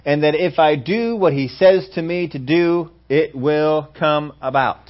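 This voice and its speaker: A male pastor preaches with a fairly high voice. He acts out little scenes, jumping from loud exclamations to hushed asides. The recording sounds dull and lo-fi. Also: unhurried. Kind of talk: sermon.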